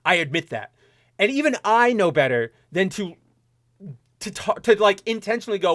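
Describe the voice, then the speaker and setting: A young man with a fairly high voice rants through a casual solo podcast from his home setup, animated and opinionated. The sound is dry and close, with almost no room echo. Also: normal speed. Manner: animated ranting, mocking quoted voices. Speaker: podcast host.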